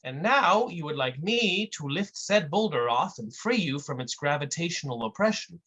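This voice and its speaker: A performer voicing a smug bystander who lectures a trapped victim about self-help instead of helping, slow and condescending. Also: medium pitch, lively intonation, a bit bright, highs cut off, a little hiss or hum, close to an everyday voice. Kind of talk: comic performance piece.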